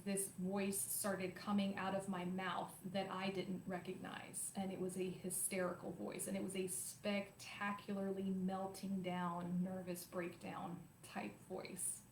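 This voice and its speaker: A woman's voice: mid-range voice, slight background noise. Woman telling her story in a roomy space. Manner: animated, emotional, confiding. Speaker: host. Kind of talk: personal storytelling to viewers. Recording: roomy echo, faint ambience.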